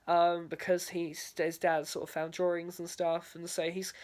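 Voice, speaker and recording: Young woman, drama student, video diary, hesitant, fillers, lower pitch. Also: little pitch movement, normal speed, a little mellow. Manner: hesitant, many fillers and "sort of".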